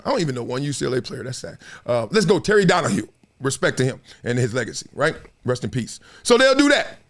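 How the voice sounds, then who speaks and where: A man hosts a casual sports talk show. He tells stories with a fairly high, lively voice that swings widely in pitch. He jumps into raised voices to act out other people's lines and laughs often. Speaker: show host. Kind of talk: casual storytelling commentary.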